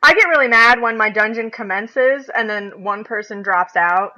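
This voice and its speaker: A woman's voice: fairly high pitch, moderate pace, bright, forceful tone. A woman co-hosting a casual podcast, talking animatedly and laughing as she acts out what other players say. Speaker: podcast co-host. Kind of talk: casual chat. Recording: dull lo-fi podcast recording.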